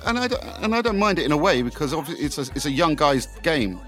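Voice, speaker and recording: A middle-aged man, a DJ guest telling animated anecdotes in casual chat and acting out the people in them. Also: a little high, quick pace, soft background music. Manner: animated, swearing, acts out voices in anecdotes.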